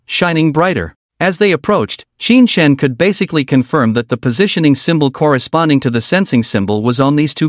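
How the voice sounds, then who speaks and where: Man narrating a story recap with lively pitch. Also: dry recording, studio quality.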